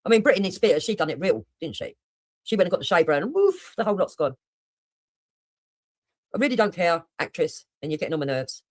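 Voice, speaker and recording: Brash, sweary woman with a lively voice. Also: fairly low pitch, fairly quick, pauses often, no room sound. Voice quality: blunt, heavy swearing, mocking. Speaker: livestreamer reacting to another streamer. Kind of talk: heated reaction commentary.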